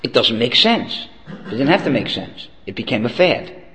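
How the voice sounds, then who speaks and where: A man's voice: medium pitch, big pitch swings, normal speed, sharp tone, big-room sound, rough recording. A man giving a Torah lesson in a conversational way, asking rhetorical questions and telling a joke along the way. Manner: conversational, asks rhetorical "okay?". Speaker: Torah teacher. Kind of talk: lecture with story and jokes.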